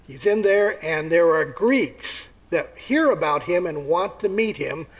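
A man preaching a sermon, telling the story with lively acted-out voices and asking his listeners questions. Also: on the high side, measured pace, rough recording. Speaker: pastor.

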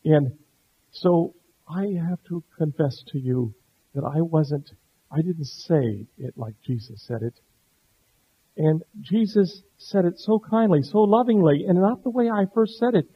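A middle-aged man preaching a sermon, earnest, dropping to a hush and then rising to stress a point. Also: fairly high pitch, expressive, measured pace, husky. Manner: earnest, swings between hushed and emphatic. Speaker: pastor. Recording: dull lo-fi sound.

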